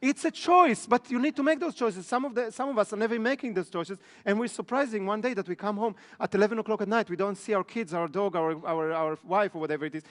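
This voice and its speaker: A man's voice: high-pitched, quick pace, few pauses, fairly bright tone. A man giving a live business seminar, often checking in with the room. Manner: asks the room frequent check questions. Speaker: business trainer. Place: training room in front of an audience. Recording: echoey hall.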